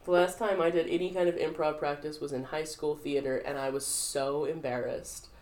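A woman's voice: low-pitched, fairly even intonation, normal speed, darkish tone. A young woman from the southern United States, co-hosting a casual podcast chat, rambling through a story with lots of fillers and quoted voices. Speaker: podcast co-host.

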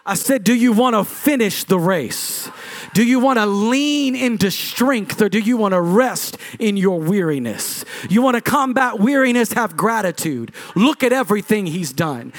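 Middle-aged male pastor, high-pitched preaching voice, punchy repetition, big dynamic swings. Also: expressive, moderate pace. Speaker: lead pastor. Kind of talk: sermon.

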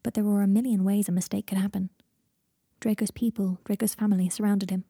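A woman reads the story aloud in an even, gentle way, her voice mellow, warm and a little husky. The recording is close and dry, with no room around it. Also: medium pitch, a little fast, no echo. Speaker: audiobook narrator. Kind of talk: fan fiction audiobook narration.

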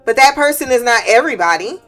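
A woman with a somewhat high voice rants heatedly as host. She is blunt and profane, and her swearing sounds unfiltered. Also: animated, fast, fairly bright tone, faint music behind. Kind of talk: ranting commentary.

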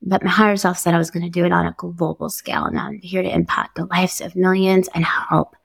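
A woman's voice: fairly low pitch, little pitch movement, brisk, creaky, husky, no echo. A woman hosting a podcast, telling her own story in a candid, conversational way, upbeat and easygoing with small laughs. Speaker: podcast host. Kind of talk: personal storytelling monologue.

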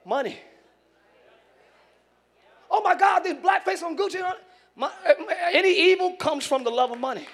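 A male pastor preaching a sermon in church, moving from loud shouted lines to quick casual asides. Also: very high voice, lively intonation, vocal fry, some chatter behind.

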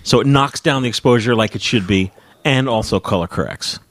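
A man's voice: mid-range voice, fairly quick, fairly bright tone, no echo. A man hosting a casual chat, explaining things in a matter-of-fact way. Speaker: podcast host.

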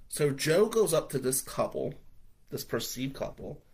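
A man, a lawyer, telling a personal story to the camera in a casual, animated way, blunt and swearing freely. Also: fairly high pitch, measured pace, breathy edge, low-quality recording.

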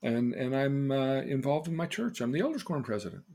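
A man's voice: medium pitch, very animated, a little fast, warm tone. A middle-aged man, a therapist, telling a story about a client and acting out the dialogue in different voices. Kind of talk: storytelling talk.

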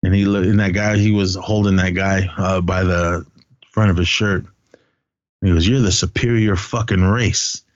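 A man hosting a podcast, casually recapping a film in animated storytelling and acting out the characters' lines. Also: low voice, moderate pace, dry recording, dull audio. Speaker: podcast host.

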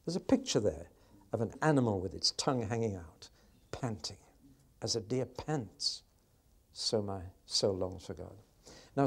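A man giving a lively Bible teaching on poetry, often asking the audience questions and changing his pace. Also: medium pitch. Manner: expressive, varies pace, asks the audience questions. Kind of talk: sermon-style Bible teaching.

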